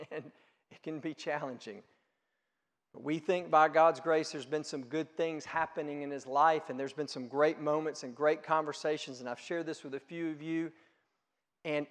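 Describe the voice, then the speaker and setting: A middle-aged male pastor preaching a sermon, emphatic and swinging between hushed and loud delivery. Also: on the high side, long reverb tail.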